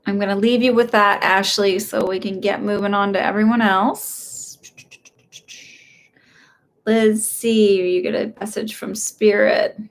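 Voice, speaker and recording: A woman's voice: medium pitch, level tone, unhurried, gravelly. A young woman giving live psychic readings in a chatty, hesitant way, full of fillers and restarts. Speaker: psychic medium host. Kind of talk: casual live-stream reading.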